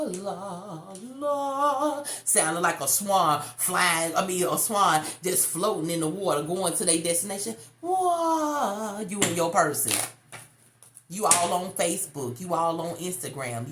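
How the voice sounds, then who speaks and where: Low-voiced woman giving a casual tarot reading. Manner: slangy, calls the listener baby, emphatic. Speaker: tarot card reader. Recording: echoey room, faint noise.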